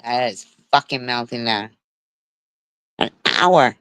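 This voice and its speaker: A woman's voice: a bass voice, normal speed, bright, forceful tone, clean tone, no room sound. A woman in her forties telling stories on a casual livestream, blunt and swearing freely. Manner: blunt, heavy swearing, storytelling. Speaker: livestream host.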